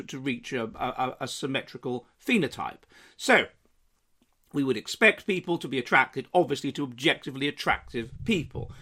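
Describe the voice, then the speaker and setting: A man's voice: fairly high pitch, fairly bright tone. Man explaining research in a lecturing way. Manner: lecturing, with frequent restarts and citing studies by title.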